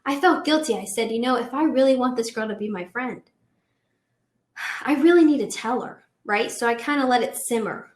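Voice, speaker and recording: Young woman in her twenties, a chatty, animated guest; fairly high voice in a roomy space. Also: brisk. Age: 20s. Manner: animated, laughing storyteller with many "like"s. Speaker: guest, host's daughter. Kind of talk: casual storytelling chat.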